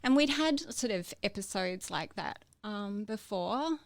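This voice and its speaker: A woman telling her own story in a podcast interview, halting, with many fillers and restarts. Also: mid-range voice, lively intonation, gravelly, no echo. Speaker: interview guest.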